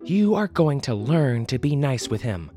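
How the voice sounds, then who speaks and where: A man voicing a stern, exasperated young mother who scolds her son in a high, emphatic voice. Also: sing-song, measured pace, mellow, soft background music, exaggerated voice.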